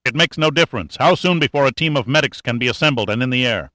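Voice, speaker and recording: Un homme jouant un Américain blessé et impatient. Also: male voice, mid-range voice, expressive, brisk, fairly bright tone, no echo, studio quality, natural voice. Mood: snapping. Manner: impatient, urgent, terse. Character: injured adult American man, urgent and impatient.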